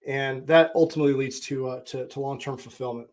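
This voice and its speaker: A man's voice: medium pitch, steady tone, fairly quick. A man in his forties, a podcast host and coach, giving a candid, plainspoken monologue with blunt mild swearing. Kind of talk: casual reflective monologue.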